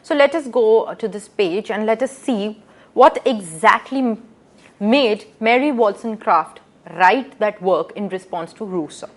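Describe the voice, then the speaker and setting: A woman lecturing to students, reading out quotations and explaining them with rhetorical questions and frequent pauses. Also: mid-range voice. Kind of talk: recorded lecture.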